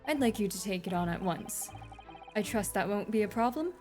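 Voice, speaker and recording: A man's voice: high voice, animated, a little fast, faint music behind. A woman voicing an imposing older male British judge in a posh British accent, formal and commanding. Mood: stern formal. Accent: posh British, attempted.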